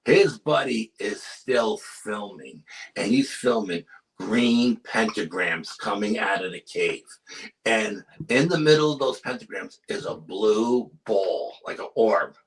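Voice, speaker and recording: A man, a paranormal researcher appearing as a guest, telling a story in casual chat with urgent energy and dropping to hushed tones for suspense. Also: lowish voice, animated, takes it slowly, poor audio.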